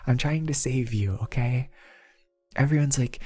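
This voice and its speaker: A soft-spoken young man chatting casually on an ASMR stream, playful and rambling, laughing often. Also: mid-range voice, normal speed, husky, faint music behind. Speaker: VTuber streamer.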